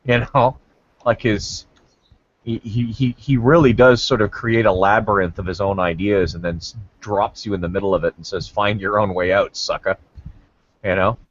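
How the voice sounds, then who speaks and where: A man's voice: lowish voice, fairly even intonation, normal speed. A man hosting a casual online debate chat, joking crudely and rambling, heard over a video call. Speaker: hangout host. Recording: dull lo-fi call audio.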